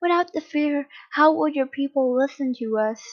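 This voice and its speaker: A woman reading aloud, voicing a smug, sly male villain henchman who taunts his captives in a slow, mocking way. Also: high-pitched, highs cut off, voice pushed up, natural voice.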